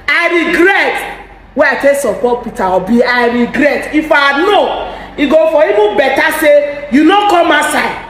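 A young Nigerian woman in a comic rant, speaking Pidgin-accented English in an agitated, exclaiming way and often shouting. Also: high-pitched. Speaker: vlogger. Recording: very echoey room.

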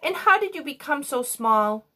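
A woman's voice: sits high, sing-song, moderate pace, bright, forceful tone, pitched above the performer's own voice, exaggerated voice. A woman voicing a polite, curious girl. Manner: polite, inquisitive.

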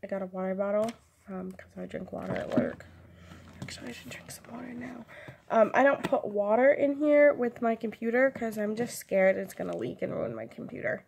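A woman's voice: mid-range voice, brisk, gravelly, noisy background. A young woman chatting casually in a vlog, rambling and giggling, with lots of "like" and "um". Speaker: vlogger. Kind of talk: casual chat.

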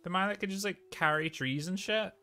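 A young man streaming a video game, giving animated, joking commentary and swearing freely. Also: sits high, fairly quick. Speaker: let's play streamer. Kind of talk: casual gaming commentary.

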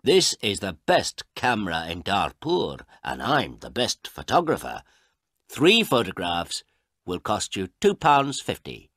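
A man's voice: lowish voice, huge pitch swings, unhurried, a bit bright, no echo, clean studio sound, heavily acted. A man doing a proud, bossy photographer. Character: proud, pushy male town photographer.

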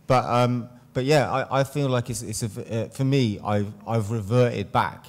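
A man's voice: mid-range voice, measured pace, in a large hall. A man with a Wiltshire accent tinged by London, speaking in a rambling way with many fillers as a panelist in a discussion. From Wiltshire, England.

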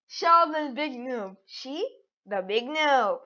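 A woman chatters through a game in a high, lively, bouncing voice, giggling and teasing as she goes. The sound is dull and lo-fi. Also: takes it slowly. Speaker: gaming channel host. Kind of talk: casual game commentary. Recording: dull lo-fi audio.

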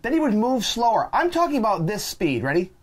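A man co-hosting a podcast, retelling a bad travel day in an animated, exasperated way and acting out the people in it. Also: high voice, fairly quick. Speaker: podcast co-host. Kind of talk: casual storytelling.

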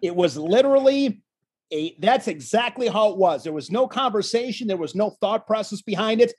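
A man who commentates on wrestling, spinning stories as a guest on an interview show. He acts out the people in his stories with a lively delivery. His voice has a husky, slightly rough edge. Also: high voice, moderate pace. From Wisconsin. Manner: animated storyteller, acts out quotes. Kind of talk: casual storytelling interview.

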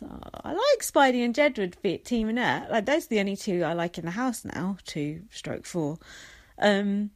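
A woman's voice: medium pitch, expressive, moderate pace, no echo. A young woman giving a casual, sweary, sarcastic solo recap of a reality show. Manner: sweary, blunt and sarcastic, with asides. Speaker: reality TV commentator.

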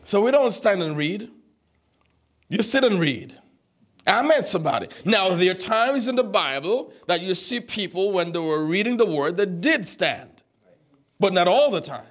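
A man in his twenties preaching a sermon, teaching the Bible with animated, teasing questions to his congregation. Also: high voice, normal speed. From U.S. Virgin Islands. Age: 20s.

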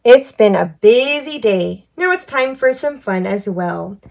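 A woman's voice: fairly high pitch, lively intonation, gravelly, soft background music. A woman teacher reading a farm picture book aloud to children, acting out sound effects and asking the child to find things on the page. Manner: slow, sing-song, making animal and machine sound effects; asks the child questions and prompts button pushes. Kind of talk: children's storytime read-aloud.

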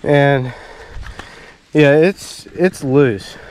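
A man's voice: mid-range voice, drawn-out words, darkish tone. A man casually chatting while riding his mountain bike on wooded trails, talking into an action camera outdoors. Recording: noisy outdoor action-cam audio.

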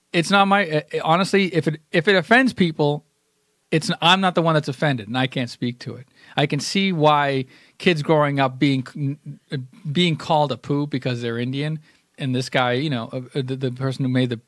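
A man's voice: a little high, moderate pace, a bit bright, no room sound, clean studio sound. A man co-hosting a casual podcast, explaining his view at length with many restarts and rephrasings. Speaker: podcast co-host. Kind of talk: casual chat.

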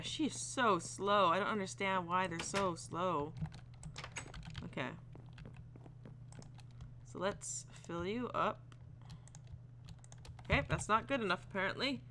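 Bright, chatty woman gaming. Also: medium pitch, a little hiss or hum. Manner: chatty and giggly, talks to animals and slips into silly voices. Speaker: video game let's player. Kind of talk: casual gameplay commentary.

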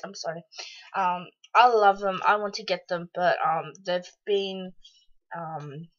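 An Australian woman chatting casually through a beauty box unboxing, excitable and rambling, with lots of ums and happy squeals. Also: mid-range voice, breathy edge, highs cut off. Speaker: beauty vlogger.

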